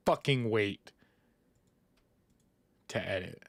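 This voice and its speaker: A man's voice: lowish voice, lively intonation, very slow, creaky, no room sound. A man co-hosting a podcast, joking loosely as a long stream winds down. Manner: loose, jokey, laughs easily. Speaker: podcast co-host. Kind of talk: casual late-night chat.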